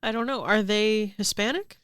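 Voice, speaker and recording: Podcast cohost with a smooth clear voice, crude jokes, dry sound. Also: mid-range voice, normal speed, fairly bright tone, no echo. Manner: short agreeing replies, crude jokes. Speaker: podcast co-host. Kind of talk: casual podcast chat.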